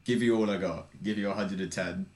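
A man's voice: sits low, fairly even intonation, fairly quick, a little mellow, reverberant. A young man co-hosting a podcast, chatting casually with dry, self-mocking humour. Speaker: podcast co-host and editor. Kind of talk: casual chat.

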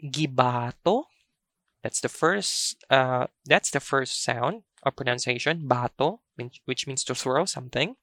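A woman teaching a language lesson, speaking slowly and carefully and repeating each word for practice. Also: very deep voice, fairly bright tone, dry recording, studio quality.

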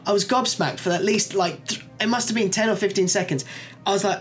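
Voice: mid-range voice, fairly quick, a bit bright, faint music behind. A podcast co-host in casual chat, enthusiastically recommending a show, swearing freely and using lots of fillers. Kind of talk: casual chat reviewing shows.

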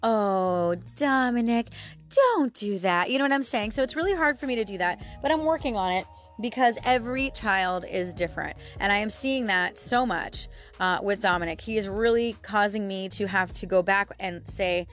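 Woman, 30s, podcast host, casual chat, candid, middle pitch, faint background music. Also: a little fast, fairly bright tone. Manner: chatty and candid, with frequent fillers and laughs.

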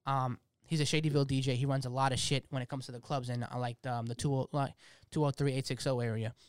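A young man talks quickly in a smooth, crisp voice pitched a little high. He is a DJ in casual podcast chat, telling loose stories and swearing freely. The sound is close and dry. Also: flat delivery, no room sound. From Boston. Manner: loose storytelling with frequent swearing.

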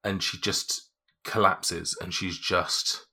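A man's voice: low voice, level tone, slow pace, pushed and bright, breathy edge. A man narrating a tabletop game as game master, rambling with restarts. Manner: rambling, lots of fillers and restarts.

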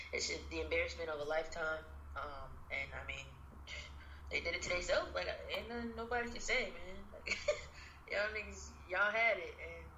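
A woman with a low, bright voice co-hosts a casual podcast. She talks hesitantly with many fillers. The sound is roomy and a little muffled, with faint noise behind it. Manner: hesitant, full of ums and likes. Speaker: podcast co-host. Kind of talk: casual chat.

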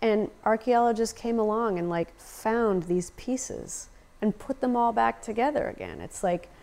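A woman's voice: fairly high pitch, big pitch swings, unhurried, gravelly, darkish tone. An American woman talking passionately as a podcast guest, swearing freely and saying "like" often. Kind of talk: casual conversation.

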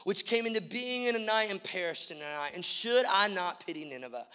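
High, gravelly preaching man. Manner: impassioned, repetitive preaching that swings from hushed to loud. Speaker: pastor. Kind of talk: sermon. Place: church auditorium. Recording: long reverb of a large hall.

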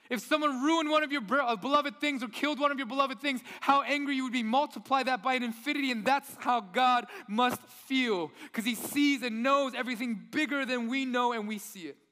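Male pastor, high bright voice, chatty sermon delivery with rhetorical questions, echoey hall sound. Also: a little fast. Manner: conversational, asks the audience rhetorical questions.

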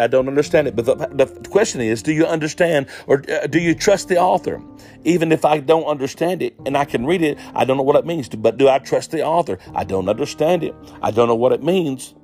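A man's voice: medium pitch, a little mellow. A man preaching a sermon, emphatic, often repeating his words and rising into exhortations.

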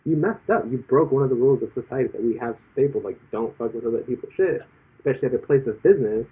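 A man's voice: medium pitch, fast, slightly rough. A man in casual chat who rambles with many fillers and retells stories in quoted voices. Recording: tinny lo-fi phone-like audio.

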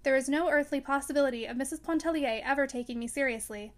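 A touchy, charming young man from a storybook, read aloud by a woman, firing off emphatic questions. The voice sits high. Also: fast talker, natural voice. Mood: light.

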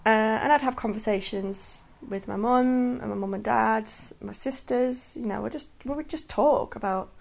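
A woman's voice: a little high, moderate pace, vocal fry, few pauses. A woman in her thirties speaking candidly and earnestly in a personal podcast monologue. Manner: candid and earnest, many restarts and soft laughs. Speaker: podcast host.

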